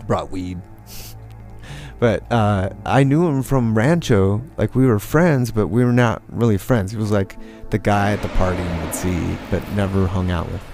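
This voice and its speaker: A man with a low, gravelly voice tells a rambling personal story with plenty of swearing and fillers. He breaks into raised, mocking voices to act out what people said. Faint music plays quietly behind him. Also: measured pace. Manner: profane, rambling, with lots of fillers; acts out quotes in a raised, mocking voice.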